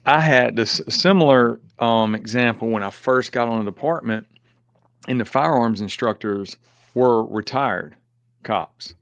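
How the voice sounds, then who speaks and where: A man hosting a casual podcast interview, relaxed and conversational, often murmuring agreement. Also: mid-range voice, a little slow, dry recording, highs cut off. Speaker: podcast host.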